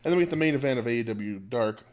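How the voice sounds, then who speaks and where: A man's voice: medium pitch, lively intonation, racing, darkish tone. A man co-hosting a wrestling podcast, chatting casually and rambling with lots of fillers and restarts. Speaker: podcast co-host.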